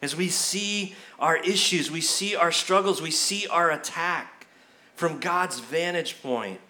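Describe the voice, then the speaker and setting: A man's voice: slow, sharp tone. A man preaching a sermon as pastor at a church service, talking in a conversational way with frequent restarts, and acting out the people he quotes. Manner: acts out quoted voices with rising pitch.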